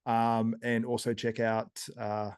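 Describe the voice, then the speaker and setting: A man hosting a podcast in a casual, upbeat way. His pitch sits in the middle of the male range. He rattles off channel plugs and sign-offs in a chatty, promotional tone. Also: monotone, slow, clean tone. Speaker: podcast host. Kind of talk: casual chat and show outro.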